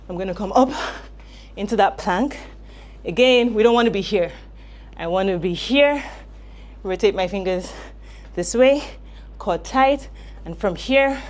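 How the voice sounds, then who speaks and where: A woman's voice: mid-range voice, a little mellow. A woman coaching home workouts, explaining form while demonstrating exercises and getting out of breath. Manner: friendly, instructive, demonstrating exercises while talking.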